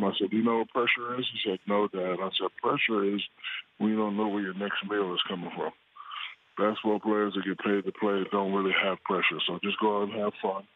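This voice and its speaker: A man in his forties calling in to a talk show, chatting in a relaxed, joking way. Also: lowish voice. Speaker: guest. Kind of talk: phone interview. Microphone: phone line. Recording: tinny phone line.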